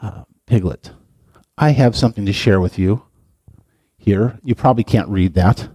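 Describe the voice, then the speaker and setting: A man's voice: fairly low pitch, normal speed, warm tone, breathy edge, dry recording, clean studio sound. A middle-aged man, a pastor, giving a playful, chatty sermon and talking directly to his listeners. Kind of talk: casual sermon.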